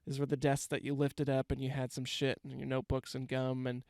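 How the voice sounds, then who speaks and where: A man's voice: medium pitch, completely flat delivery, a little fast, a little mellow, dry recording, studio quality. A man, telling a rambling, self-mocking comic story and swearing freely. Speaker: comedian. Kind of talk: casual comedic storytelling monologue.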